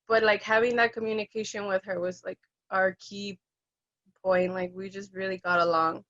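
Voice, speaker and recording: Her voice is medium in pitch and her pace moderate as this young woman, an end-of-life caregiver, tells a personal story with animation, imitating the voices of the people she quotes. There's no room sound, and the lo-fi recording is dry and dull.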